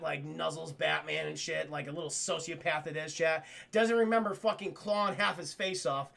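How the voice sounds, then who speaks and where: A man streaming a cartoon review, retelling scenes in a profane, excitable way and talking straight to his chat. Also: a little high, gravelly. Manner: profane, excitable storyteller who keeps addressing chat; acts out the characters' lines in quick voices. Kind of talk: casual livestream recap.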